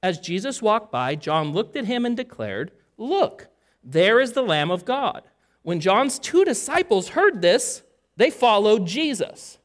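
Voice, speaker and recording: Lively, conversational preacher. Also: mid-range voice, measured pace. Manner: conversational, asks the listeners questions. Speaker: pastor. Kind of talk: sermon with scripture reading.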